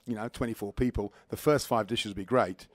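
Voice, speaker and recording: A middle-aged man, a food critic on a radio studio interview, talking fast and with lots of enthusiasm. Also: fairly low pitch, no echo. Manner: fast, enthusiastic, animated storytelling. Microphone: studio microphone.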